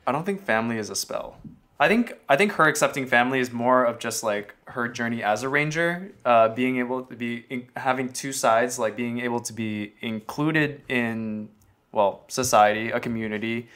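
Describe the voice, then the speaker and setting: Male podcast co-host, mid pitch, halting and playful. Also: fairly bright tone. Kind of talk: casual chat.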